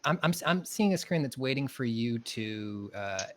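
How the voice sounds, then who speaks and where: A man co-hosting a casual game stream, relaxed and laid-back as he tells a story. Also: mid-range voice, normal speed, a little hiss or hum. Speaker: co-host. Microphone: headset over voice chat.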